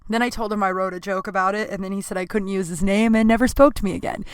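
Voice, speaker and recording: A woman's voice: medium pitch, steady tone, fast, clear, resonant tone, dry recording. A woman comedian hosting her podcast, telling blunt, profane personal stories and acting out both sides of conversations.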